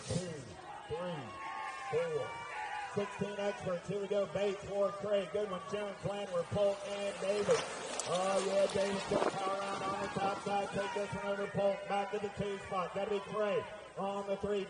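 A man announcing a race live, rattling off riders' names and positions in a rapid-fire call. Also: high-pitched, completely flat delivery, loud music behind the voice. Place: outdoor race track over loudspeakers. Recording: echoey loudspeaker heard from far off.

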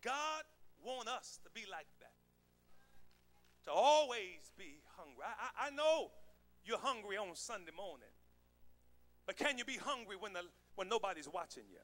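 A man pastor preaching a sermon, joking with the congregation and building to shouted calls. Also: sits high, big pitch swings, normal speed, pauses often. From United States. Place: church sanctuary with congregation.

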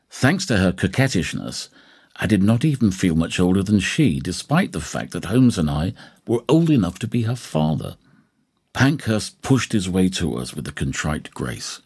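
Deep, husky male audiobook narrator. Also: a little mellow. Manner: measured storytelling. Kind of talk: scripted narration.

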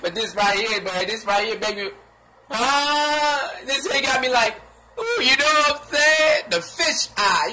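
A man giving casual, animated gossip commentary in slangy talk, laughing and acting out what others said. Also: high voice, slight background noise. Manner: sound effects and repeated filler phrases.

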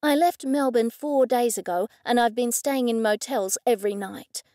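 A woman voicing a flustered, sharp-tongued young city woman who talks back in an exasperated, snappy way. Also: a little high, moderate pace, dry recording, studio quality, natural voice. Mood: indignant.

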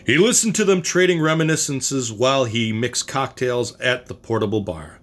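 A man reads a short story aloud at an even pace, with a lot of movement in his pitch. The delivery is plain, with the odd stumble and restart. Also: normal speed. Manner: plain reading with occasional slips and restarts. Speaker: story reader.

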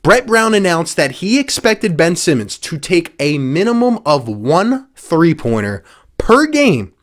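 His voice on the high side with big pitch swings, a Philadelphia-area sports show host rants without hurrying. He sounds sarcastic and exasperated, hammering his points by repeating them in an angry rant.

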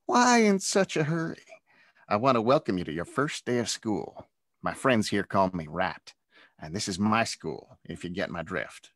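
A man's voice: on the low side, sing-song, normal speed, a bit bright, dry recording, clean studio sound. A man reading a storybook aloud and voicing a tall teenage bully who sneers and threatens a new boy at school. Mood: sneering menacing. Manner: sneering, menacing, mocking.

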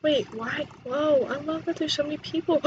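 A young woman chatting excitedly while playing a life-sim game, quick to gasp and exclaim. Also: sits high, a little hiss or hum, poor audio. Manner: excitable, chatty, gasps and laughs. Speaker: gaming YouTuber. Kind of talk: let's play commentary.

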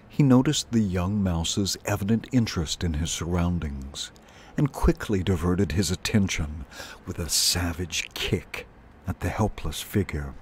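A man reading a children's novel aloud in a slow, measured way, as a storyteller. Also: low voice, slight background noise.

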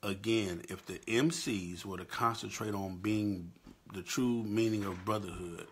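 A man's voice: lowish voice, fairly even intonation, unhurried, slight background noise. A middle-aged man hosting a live-stream talk, impassioned and swinging between choked-up and fired-up. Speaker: show host.

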